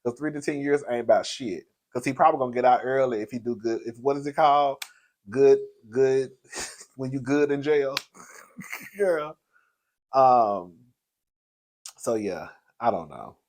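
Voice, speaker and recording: A man's voice: mid-range voice, a little slow, pauses often, a little mellow. A man hosting casual gossip commentary, chatty and sassy, laughing often and calling the audience girl. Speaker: host.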